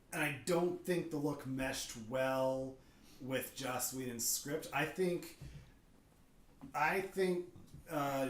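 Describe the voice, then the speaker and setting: A man's voice: mid-range voice, a bit bright, a little hiss or hum. A man co-hosting a podcast, explaining film background in a thoughtful, detailed casual chat. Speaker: podcast co-host. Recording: roomy echoey room.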